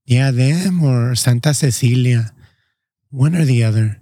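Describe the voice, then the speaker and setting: An easygoing man chatting as a podcast guest, rambling and full of fillers. His medium-pitched voice comes across dry and close. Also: unhurried, dark tone, no echo. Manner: easygoing, rambling, many fillers like "you know". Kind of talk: casual chat. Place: outdoors in a backyard treehouse.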